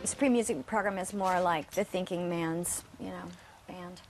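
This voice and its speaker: A woman's voice: fairly low pitch, fairly even intonation, moderate pace, music in the background. A woman from the United States, a guest actress chatting casually in an interview and laughing often. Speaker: guest actor and singer.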